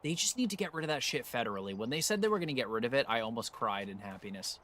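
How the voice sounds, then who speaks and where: A man's voice: mid-range voice, lively intonation, very fast, fairly bright tone, slight background noise. A man streaming and chatting casually while he plays, ranting with plenty of swearing as he works himself up. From United States. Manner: ranting, profane, gets worked up. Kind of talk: casual live-stream chat while gaming.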